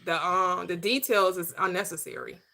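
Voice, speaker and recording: Emphatic bright-voiced woman coaching. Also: on the low side, steady tone, normal speed, vocal fry. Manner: preachy, emphatic, repeats phrases for rhythm. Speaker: host, manifestation coach. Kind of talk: motivational talk show chat.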